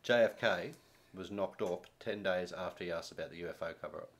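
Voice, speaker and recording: A man's voice: sits low, brisk. A man hosting a podcast, talking in a jokey, rambling way and laughing often. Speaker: podcast host. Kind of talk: casual chat.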